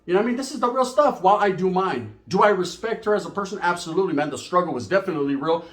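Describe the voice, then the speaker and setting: A man's voice: high voice, lively intonation, very fast, echoey room. A man telling a profane comic story in a rambling, casual way, switching into voices for the people in it.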